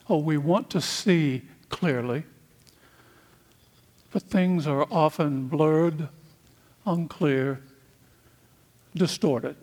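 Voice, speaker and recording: A man from the United States preaching a sermon, speaking in slow, deliberate phrases with long pauses. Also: a little high, darkish tone.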